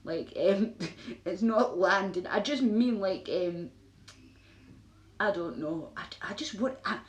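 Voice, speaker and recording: A woman's voice: medium pitch, animated, slow pace. Rambling Glaswegian woman in an echoey room. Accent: Glaswegian Scottish. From Scotland. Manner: rambling, filler-heavy, laughs between lines. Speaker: live streamer. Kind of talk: casual live-stream chat answering viewers. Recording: roomy echo with faint noise.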